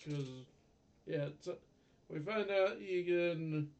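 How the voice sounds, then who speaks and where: A man's voice: sits high, slow pace, darkish tone, highs cut off. A man co-hosting a podcast who chimes in casually with short corrections and details about the episode. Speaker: podcast co-host. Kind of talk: casual episode recap chat.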